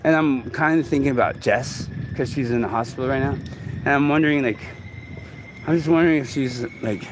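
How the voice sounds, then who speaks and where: A man in his forties talks to his camera outdoors in a loose, halting ramble, often restarting his sentences. His voice sits mid-range, and faint city traffic hums behind him. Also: mid-range voice. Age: 40s. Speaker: vlogger. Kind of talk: casual talk to camera.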